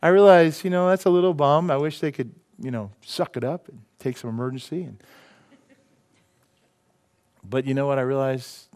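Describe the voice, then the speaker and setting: A male pastor preaching a sermon in a church, rising to loud emphatic peaks and dropping to quiet, earnest lines. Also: mid-range voice, normal speed, pauses often. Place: church sanctuary.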